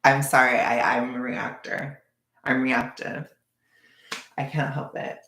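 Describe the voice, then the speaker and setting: A livestreamer in casual chat with viewers, knitting a scarf while rambling, full of "like" and quick bursts of laughter. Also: mid-range voice, little pitch movement, pushed and bright, echoey room. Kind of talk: casual live-stream chat.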